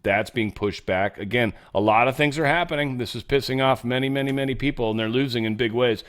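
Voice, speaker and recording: A man's voice: medium pitch, fairly quick, fairly bright tone. Sarcastic man riffing on headlines. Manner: sarcastic, mocking asides. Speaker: show host. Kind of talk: casual news commentary.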